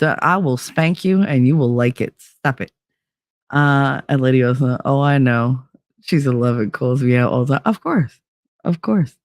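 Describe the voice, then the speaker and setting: A woman's voice: very deep voice, no echo. Laughing, teasing woman streamer, dry mic. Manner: bubbly, teasing and laughing often. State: tired from little sleep. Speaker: livestream host reading chat. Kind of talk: casual chat.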